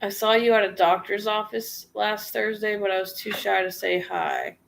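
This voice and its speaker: A woman's voice: medium pitch, very animated, normal speed, gravelly. A woman vlogger casually reading out viewer questions and answering them frankly in a chatty, slangy way. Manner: reads viewer questions aloud and answers offhand. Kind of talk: casual livestream Q&A.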